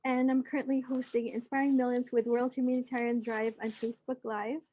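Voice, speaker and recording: A woman on a video call reading her short personal statement in a measured, even way. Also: fairly high pitch, lo-fi sound. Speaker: workshop participant.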